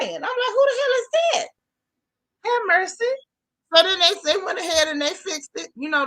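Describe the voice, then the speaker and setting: A woman hosts her own channel, gossiping casually and exclaiming in disbelief. Her voice sits fairly high and comes across bright and forceful. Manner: sassy, animated, exclaiming. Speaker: YouTube commentator.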